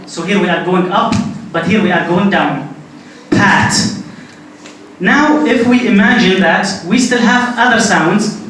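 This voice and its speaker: Echoey, distant male lecturer, high voice. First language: Arabic. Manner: explains step by step, repeats key points. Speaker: linguistics lecturer. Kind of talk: classroom lecture at a board. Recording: very echoey room, distant mic, faint noise.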